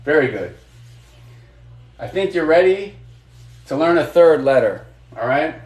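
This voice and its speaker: A man teaches a live online lesson in a patient, encouraging way, asking questions and praising each answer. His voice sits a little high for a man. The room around him has a noticeable echo. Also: animated, unhurried, darkish tone. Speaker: Arabic teacher.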